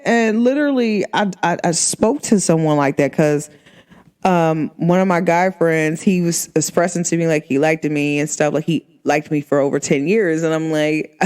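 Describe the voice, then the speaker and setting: A woman speaking straight to her audience in a relaxed vlog chat. She is candid and emphatic, leaning on slang and repeating herself to drive a point home. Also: sits low, normal speed, clear, resonant tone. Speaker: vlogger.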